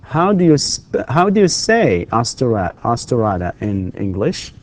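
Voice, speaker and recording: Male university English lecturer; patient, repetitive, warm low tone. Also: sing-song, a little slow. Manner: patient, repeats and prompts students with questions. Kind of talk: recorded classroom lecture.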